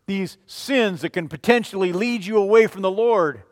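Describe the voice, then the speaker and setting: A man preaching a sermon as a pastor, emphatic, swinging between loud declarations and quiet, low passages. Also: moderate pace, in a large hall. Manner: emphatic, rising and falling in volume.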